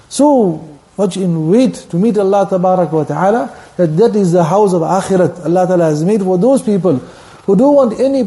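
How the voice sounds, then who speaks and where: A man delivers a sermon at a fast clip, his voice pitched high yet very dark and mellow in tone. He tells his stories with passion, slipping between English and Arabic phrases and quick recitation. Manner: impassioned storytelling, mixing English with Arabic phrases and Quranic recitation. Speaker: preacher.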